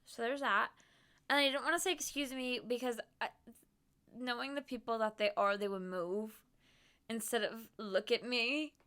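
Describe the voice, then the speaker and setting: A young woman streamer chatting casually on stream, speaking in a put-on Boston accent. She is animated and self-deprecating, acts out quotes and giggles often. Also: a little high, moderate pace, clean tone. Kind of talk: casual chat. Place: home streaming setup.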